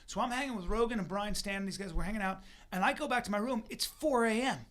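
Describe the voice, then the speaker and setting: A man co-hosting a podcast who talks fast and sits high for a man, tossing out jokes in casual chat. He trips over restarts as the words rush out. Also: fairly bright tone. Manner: fast, joking, stumbling restarts. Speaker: podcast co-host, comedian.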